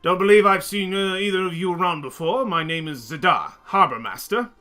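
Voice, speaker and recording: Guy doing a pushy harbor official, thick accent, bright and loud, barks at his crew. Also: high-pitched, animated, brisk, pitched above the performer's own voice. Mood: friendly. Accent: thick local port accent. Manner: bossy, barks orders. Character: brusque male harbor master official.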